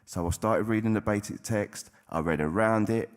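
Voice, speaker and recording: Deep-voiced man, blunt testimony. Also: moderate pace. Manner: blunt, plain-spoken, with frequent swearing. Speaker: recovering addict sharing at a convention. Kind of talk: candid personal testimony to an audience.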